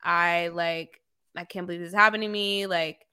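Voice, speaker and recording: A woman co-hosting a casual chat, animated and acting out quotes with laughing jumps in pitch. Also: moderate pace, clear, resonant tone. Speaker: podcast co-host.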